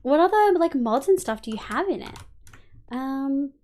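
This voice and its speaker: An Australian woman streams a game and chats with her viewers in a loose, unscripted way. Her voice sits a little high and swoops all over as she thinks aloud, with the odd casual swear word. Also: expressive, moderate pace, a little mellow, slight background noise. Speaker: live streamer. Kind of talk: casual gameplay chat answering viewers.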